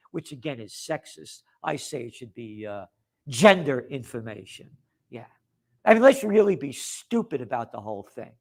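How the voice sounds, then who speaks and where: An American man hosting a video commentary, ranting angrily with sarcastic, profane asides. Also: fairly high pitch. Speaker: host and commentator.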